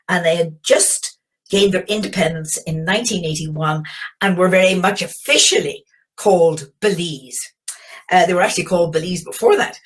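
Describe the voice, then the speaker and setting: An older woman from Belfast with a Northern Irish accent, a geologist giving a reflective, enthusiastic webinar talk with frequent fillers and restarts. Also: on the low side. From Belfast, Northern Ireland. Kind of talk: webinar storytelling presentation. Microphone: video call.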